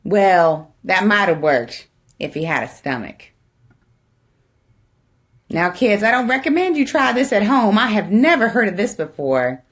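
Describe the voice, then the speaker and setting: A woman's voice: mid-range voice, very animated, measured pace. A woman reading a picture book aloud to children, with playful, chatty asides. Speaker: guest storybook reader.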